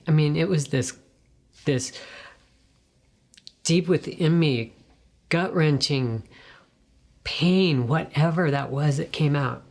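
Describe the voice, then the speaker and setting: A woman giving a personal faith testimony in a soft, earnest way, sometimes dropping to a hushed whisper. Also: deep voice, takes it slowly, long pauses. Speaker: guest sharing a testimony.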